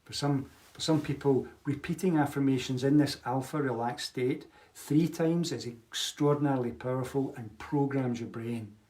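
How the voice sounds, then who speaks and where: A man leading a guided meditation, speaking affirmations in a slow, soothing, repetitive way. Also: mid-range voice, darkish tone. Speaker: meditation teacher. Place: home, live online session. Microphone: webcam or computer mic.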